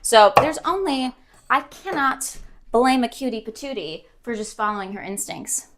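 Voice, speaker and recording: A woman's voice: a little high, expressive, moderate pace, noisy background. A young woman streaming, chatting casually, rambling and giggling with many ums.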